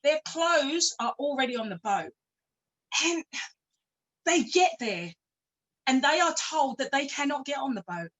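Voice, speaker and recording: A woman's voice: high voice, expressive, measured pace, pauses often, fairly bright tone, low-quality recording. A woman, speaking at a conference and telling a story in a conversational way, with frank personal asides and self-deprecating humor. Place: church hall.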